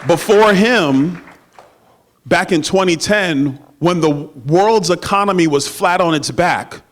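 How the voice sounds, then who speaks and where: A middle-aged man giving a campaign stump speech at a dinner, with emphatic oratory and playful banter with the crowd. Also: fairly high pitch. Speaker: political speaker at a party dinner. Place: banquet room. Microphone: handheld microphone.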